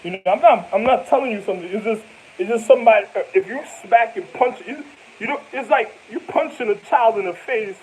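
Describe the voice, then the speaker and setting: A man's voice: high voice, a little fast, darkish tone, a little hiss or hum, poor audio. A man telling rambling stories to camera in loose slang, laughing often as he goes. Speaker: vlogger. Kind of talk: casual storytelling to camera.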